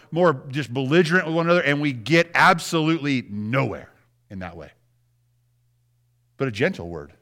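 Male pastor, thirties, bright slightly high voice, conversational sermon full of rhetorical questions.

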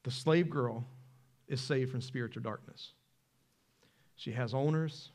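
A man, preaching a sermon in a church, animated and conversational, asking the congregation questions. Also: medium pitch, measured pace. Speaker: pastor. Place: church sanctuary.

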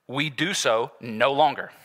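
Animated preaching man in a reverberant hall. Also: mid-range voice, unhurried. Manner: animated, conversational preaching with sudden loud bursts. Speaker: pastor. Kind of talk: sermon.

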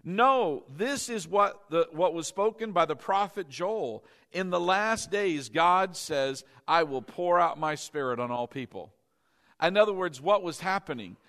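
A man preaching a sermon as pastor, animated, breaking into laughter and acting out voices. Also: high voice.

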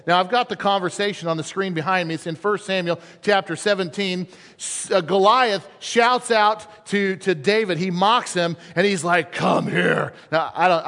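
A pastor with a high voice delivers a storytelling sermon with animated emphasis. His voice rings through a reverberant church auditorium. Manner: animated storytelling, shifts between quick and slow emphasis. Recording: echoey hall.

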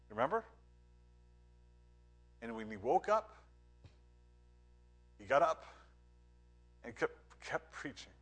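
Male pastor, sermon, earnest, emphatic then hushed, fairly high voice, bright forceful tone.

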